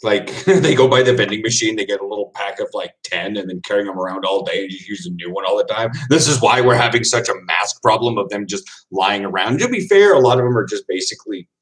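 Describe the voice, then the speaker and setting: A man's voice: on the low side, animated, quick pace, hardly any pauses. Laid-back chatty man, laughing often. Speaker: football player chatting with viewers on stream. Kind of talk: casual livestream chat, answering comments.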